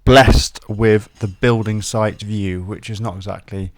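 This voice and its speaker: A man's voice: fairly low pitch, steady tone, measured pace. A man vlogging casually to camera, chatty and self-deprecating. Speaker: motorcycle vlogger.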